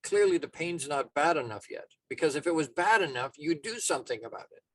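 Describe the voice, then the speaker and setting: A man's voice: on the high side, expressive, a little fast, no echo. A man giving a motivational talk as a life coach, casual and emphatic, often restarting his sentences.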